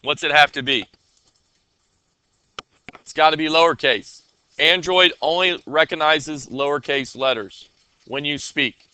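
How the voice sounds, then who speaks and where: A man's voice: on the high side, a little slow, pauses often, bright, forceful tone, smooth. A man teaching a classroom coding lesson, talking casually and often checking that his students are following.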